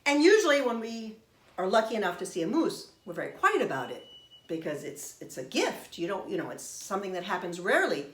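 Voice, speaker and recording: A middle-aged woman telling a personal story in an expressive, animated way. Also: medium pitch, a little fast. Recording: roomy echo.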